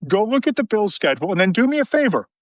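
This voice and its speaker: Male podcast host, high voice, brisk chatty delivery, dry close sound. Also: very animated, no room sound, low-quality recording. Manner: brisk, chatty, many restarts and fillers. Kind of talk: casual sports podcast chat.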